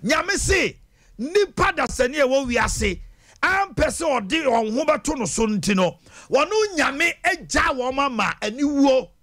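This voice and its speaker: A Ghanaian man hosting a radio talk show, talking in an emphatic, preachy way that often rises to shouting. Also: very high voice, expressive, measured pace. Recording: broadcast studio.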